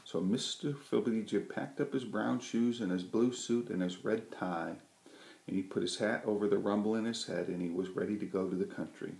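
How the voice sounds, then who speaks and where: A man reading a children's story aloud with a gentle, lively delivery. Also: on the low side, normal speed, creaky. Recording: roomy echo.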